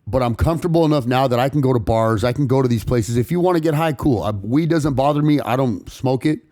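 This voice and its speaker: A man's voice: mid-range voice, fast talker, dark tone, dry recording, clean studio sound. A man from California's San Fernando Valley, a podcast guest telling his story candidly, blunt and emotional, with frequent swearing.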